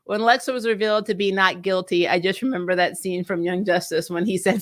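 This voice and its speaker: A woman chatting through a TV episode review in a loose, animated way. She drops sarcastic asides and laughs often as she talks. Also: mid-range voice, brisk, hardly any pauses. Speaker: TV show reviewer, channel host. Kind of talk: casual spoiler review chat.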